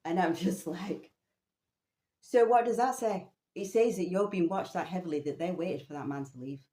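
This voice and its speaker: A woman vlogging a personal story, animated and swearing casually. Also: fairly low pitch, a little fast, echoey room.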